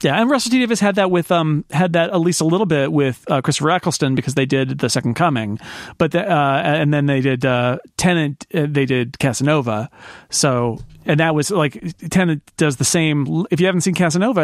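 Male host, slightly high voice, eager rambling chat, dry close mic. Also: fairly quick, dry recording. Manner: talkative, enthusiastic, frequent fillers. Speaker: podcast host. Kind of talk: casual chat.

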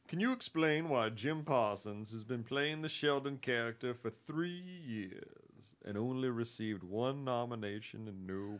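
Guy hamming up a drawly southern gentleman, slow and put-on. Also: medium pitch. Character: generic Southern gentleman letter reader, man.

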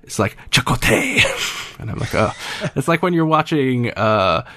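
A man's voice: mid-range voice, lively intonation, moderate pace, pushed and bright, no room sound. A man hosting a podcast, chatting casually and rambling with frequent filler sounds. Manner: rambling, many uh fillers, wry. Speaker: podcast host.

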